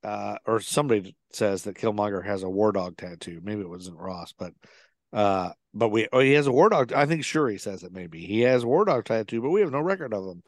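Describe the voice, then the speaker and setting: A man's voice: lowish voice, expressive, a little fast, no room sound. A man co-hosting a podcast, casually recapping a film plot with lots of fillers and restarts. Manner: rambling, with many fillers and restarts. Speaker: podcast co-host.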